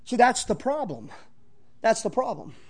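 A man's voice: extremely high pitch, big pitch swings, normal speed, darkish tone, breathy edge. A man preaching a sermon, emphatic and folksy, repeating key phrases and talking straight to the congregation. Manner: folksy, conversational asides to the congregation.

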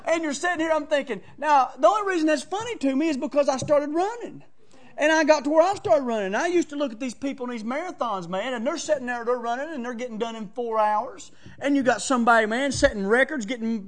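A man's voice: very high voice, a little fast. A man preaching in a folksy, chatty storytelling way, acting out quotes and laughing often. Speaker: preacher teaching on counsel.

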